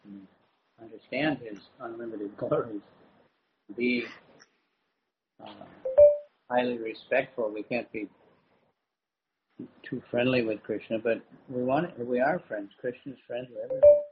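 A man giving a religious talk in short phrases, pausing for an interpreter, often saying "you know". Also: mid-range voice, soft background music. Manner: conversational, halting, fills gaps with "you know". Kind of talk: sermon with consecutive translation. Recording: dull lo-fi recording with faint noise.

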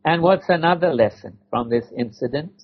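A man giving a spiritual lecture in short measured phrases with rhetorical questions, pausing for an interpreter, on a dull lo-fi recording. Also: on the high side, slightly rough.

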